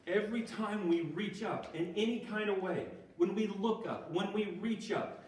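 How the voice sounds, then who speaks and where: A man's voice: sits high, normal speed, darkish tone. A man giving an informal, conversational talk at a church recovery group, often checking in with "okay?" and laughing at himself. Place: church hall. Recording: echoey hall from far off.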